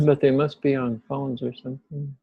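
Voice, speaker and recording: A man hosting a gentle spiritual talk over a video call, laughing often and speaking in slow, reflective phrases. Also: medium pitch, vocal fry, slightly rough, no room sound, phone-quality sound. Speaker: spiritual teacher hosting an online gathering. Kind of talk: casual chat, then gentle spiritual talk.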